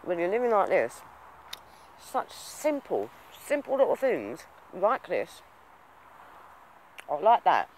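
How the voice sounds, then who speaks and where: A vlogger talks casually to the camera, rambling in a reflective, earnest way and admitting he's a waffler, with lots of fillers. His high voice swoops wildly in pitch, he speaks slowly with long pauses, and the rough recording has slight background noise.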